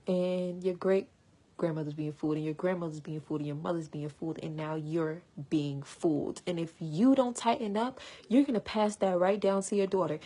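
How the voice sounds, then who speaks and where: A woman's voice: mid-range voice, a little mellow, husky. A young woman talking passionately and earnestly to her viewers in casual slang. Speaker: vlogger. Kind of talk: emotional personal talk to camera.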